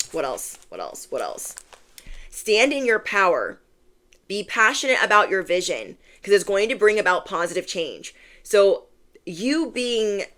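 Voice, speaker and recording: A young adult woman, a tarot reader, chatting casually to camera, playful and acting out the people in her stories. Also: medium pitch. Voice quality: animated, playful, acts out voices.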